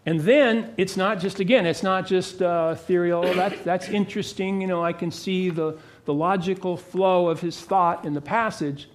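A man preaching a sermon as pastor, earnest and emphatic, who drops into a lowered, quiet voice when he prays. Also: steady tone, moderate pace, few pauses, a little hiss or hum.

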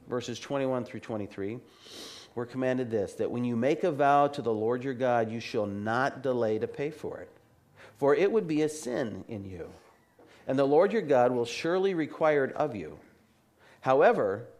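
A man preaching an earnest expository sermon, reading scripture slowly and carefully. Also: medium pitch, darkish tone. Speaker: pastor.

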